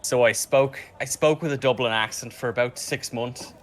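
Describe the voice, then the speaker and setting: A man's voice: medium pitch, normal speed. A man who plays in a tabletop game, chatting casually during a break and rambling with restarts as he tells a story. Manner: rambling, self-correcting storyteller.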